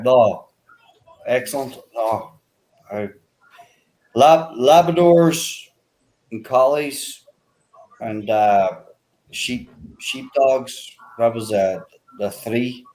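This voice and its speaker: Casual man in group call, talks in loose rambling runs, mid-pitched. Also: extremely slow, pauses often, darkish tone, low-quality recording. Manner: rambling, many 'you know' fillers. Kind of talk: casual chat.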